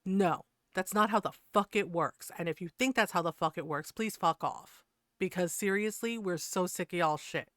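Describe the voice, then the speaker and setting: A woman's voice: fairly low pitch, normal speed, fairly bright tone, no room sound, studio quality. A woman streamer ranting to her chat in a heated, profane way, laughing between points. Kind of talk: casual rant to stream chat.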